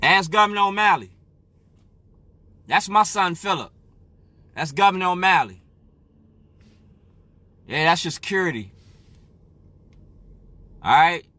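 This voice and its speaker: A man's voice: high voice, animated, unhurried, long pauses, sharp tone, no room sound. A man from Illinois speaking straight to camera in an emphatic monologue. He keeps asking "you feel me?". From Waukegan area, Illinois, US. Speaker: activist.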